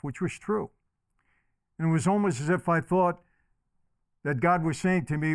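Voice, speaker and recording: A middle-aged man gives a keynote as a personal testimony, talking right to the audience. His voice sits a bit high for a man and comes through smooth and clear. The sound is dry and close. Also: normal speed, long pauses, no room sound. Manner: storytelling, direct address to audience. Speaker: keynote speaker.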